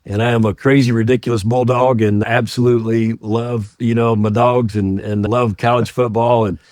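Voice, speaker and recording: A middle-aged man from Georgia, a guest on a podcast, telling stories in a warm, enthusiastic way and laughing easily. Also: mid-range voice, little pitch movement, moderate pace, no echo, studio quality. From US, grew up in Georgia. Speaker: podcast guest, ministry founder. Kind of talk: casual interview storytelling.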